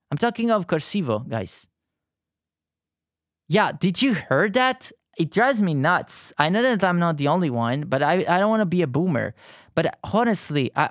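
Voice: mid-range voice, no echo. Chatty live streamer, native Italian, heavy Neapolitan accent, dry close sound. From Naples, southern Italy. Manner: chatty, talks straight to the viewers. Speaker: livestreamer. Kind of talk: casual livestream chat.

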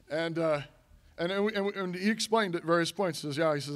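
Male pastor, middle-aged, slightly high voice, chatty sermon delivery with lots of repetition. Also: moderate pace, pauses often. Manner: conversational preaching with frequent restarts and repetition. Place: church sanctuary.

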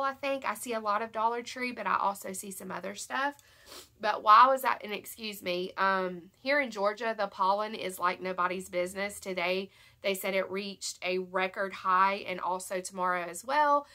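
A young woman with a Southern American accent, congested from allergies, chatting excitedly and rambling through a shopping haul vlog. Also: mid-range voice, normal speed. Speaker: haul vlogger. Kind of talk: casual chat to camera.

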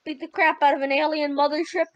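This high-pitched woman trades rowdy jokes and teasing while playing a game with a friend. She talks in loose, casual banter. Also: level tone, fast talker. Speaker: gamer.

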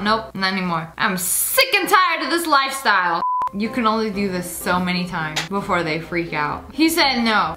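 A woman hosting comedic commentary on animal videos, animated and laughing often as she voices the animals' thoughts. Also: fairly high pitch, echoey room. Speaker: host reacting to videos.

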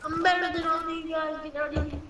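High, slow teasing woman on a distant mic. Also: level tone. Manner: teasing banter. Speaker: teammate. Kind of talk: casual chat while gaming. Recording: distant echoey mic with noise.

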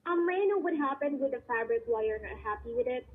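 A woman's voice: high voice, expressive, fast talker, slightly rough. A woman working as a customer service agent, speaking politely with hesitant fillers over the phone. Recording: tinny phone line.

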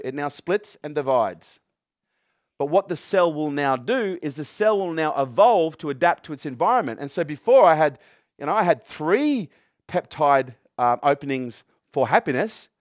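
A man's voice: a little high, animated, normal speed, dry recording, clean studio sound. Emphatic man giving a fired-up talk. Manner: emphatic and profane, asks the crowd questions. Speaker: motivational speaker. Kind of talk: live motivational talk to an audience.

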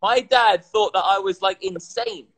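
A man chatting casually on a livestream, tipsy and animated, swearing and repeating himself as he talks. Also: high-pitched, a little slow, gravelly, breathy edge, faint music behind, poor audio. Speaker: crypto content creator.

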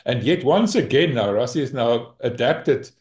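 A man's voice: medium pitch, lively intonation, moderate pace, a little mellow. A man hosting a casual interview, asking conversational questions. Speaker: podcast host. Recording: echoey room sound.

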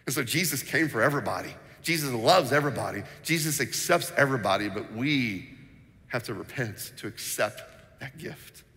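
A man preaching a sermon as pastor, telling stories with animated energy and acting out the voices in them. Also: mid-range voice, moderate pace. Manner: animated storytelling, acts out quotes; sings snippets of a children's song. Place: church sanctuary. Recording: long reverb in a church hall.

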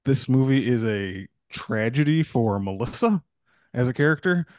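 A man co-hosting a podcast about an old film, chatting casually and slipping into characters' lines as he talks. His voice sits at a middle pitch. The sound is dry and close, with no room around it. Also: normal speed, dry recording. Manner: animated, acts out characters' lines. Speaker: podcast co-host. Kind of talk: casual movie discussion.

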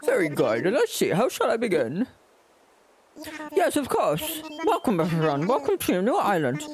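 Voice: medium pitch, huge pitch swings, normal speed, crowd noise, voice pushed up. A streamer voicing a cheerful raccoon businessman who welcomes island settlers, reading the game dialogue aloud in a chirpy, pompous way. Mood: welcoming.

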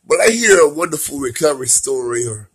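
Brief: man, late forties, husky and bright, rambling home vlog, loud bursts then hushed talk. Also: quick pace. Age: 40s. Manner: animated, swinging from loud laughing outbursts to soft low talk. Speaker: vlogger. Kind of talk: casual rambling monologue. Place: at home lying in bed by an open window.

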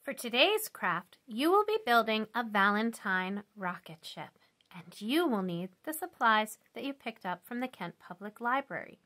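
Brief: woman craft instructor, crisp bright tone, clear step-by-step teaching. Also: a little high, very animated, measured pace.

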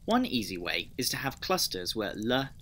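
Bright-voiced man explaining conlang sound changes. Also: mid-range voice, very animated, normal speed, a little hiss or hum. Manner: methodical, explanatory, with dry personal asides. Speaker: conlang video creator. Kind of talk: scripted educational narration.

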